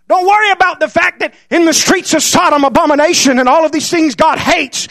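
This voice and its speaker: A man voicing the sly, tempting voice of hell, coaxing in a hushed tone. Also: very high voice, a little fast, no room sound.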